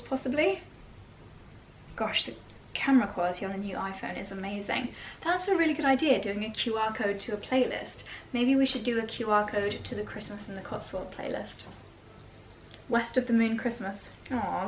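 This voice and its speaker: Woman, vlog host, casual unboxing chat, exclamatory, slightly high pitch. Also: a bit bright, a little hiss or hum, rough recording. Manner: gushing, chatty, exclamatory.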